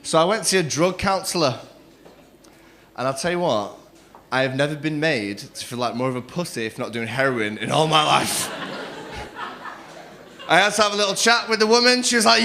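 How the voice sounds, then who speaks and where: A man's voice: fairly high pitch, fairly quick, vocal fry, long pauses, sharp tone. A man doing a brash, rowdy stand-up set on a comedy club stage, working the crowd on a handheld mic. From Manchester. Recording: live comedy club with audience noise.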